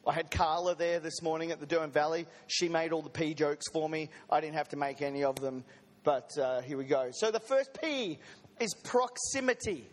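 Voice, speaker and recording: A man's voice: on the high side, normal speed, long reverb tail. A man preaching a sermon to a congregation, in a conversational manner with joking asides. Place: church service.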